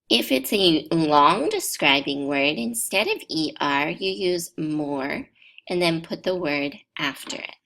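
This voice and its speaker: A woman teaching an English grammar lesson to learners, explaining step by step in a slow, deliberate way. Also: low-pitched, creaky, a bit bright.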